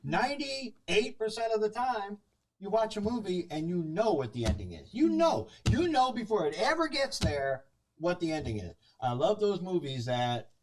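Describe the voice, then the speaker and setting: A man's voice: sits high, sing-song, normal speed, recorded from a distance. A man on a movie review talk show, retelling a film's story in casual chat and acting out the scenes.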